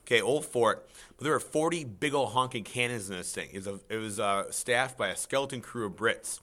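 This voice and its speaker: A man teaching a casual, chatty history lesson, talking over slides and breaking into loud mock quotes. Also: mid-range voice, fairly quick.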